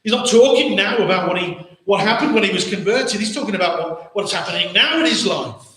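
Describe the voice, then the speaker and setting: A man's voice: high-pitched, expressive, brisk, sharp tone. A man with an English accent preaching a sermon as pastor, earnest, with many rhetorical questions and repeated words. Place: church hall. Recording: very echoey church hall.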